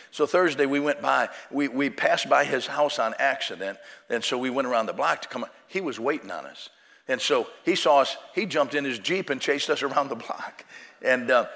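A man's voice: mid-range voice, fairly quick, gravelly, fairly bright tone. A man preaching as an evangelist, telling a personal story in a folksy, conversational way with frequent fillers. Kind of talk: sermon storytelling. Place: church auditorium. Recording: long hall reverb.

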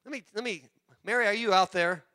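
A man pastor preaching a sermon in church, animated and joking with the congregation. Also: sits high, a little fast, smooth. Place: church sanctuary.

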